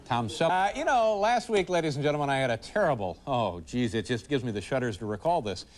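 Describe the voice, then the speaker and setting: A man's voice: medium pitch, sing-song, fast talker. A man in his forties hosting a late-night comedy show, dry and wisecracking with mock-serious asides. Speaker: talk show host. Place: TV studio with a live audience.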